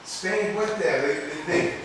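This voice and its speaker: A man's voice: a little high, unhurried, a bit bright. A man teaching a class, rambling, repeating words and quizzing his students. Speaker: cooking instructor. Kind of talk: classroom lecture. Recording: echoey room, distant mic, faint noise.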